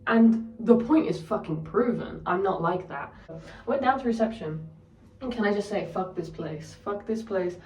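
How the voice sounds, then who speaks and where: A woman's voice: medium pitch, moderate pace, a little mellow, distant mic. A young woman casually telling a story, candid and sweary, ranting. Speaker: vlogger. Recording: roomy echo, voice set back from the mic.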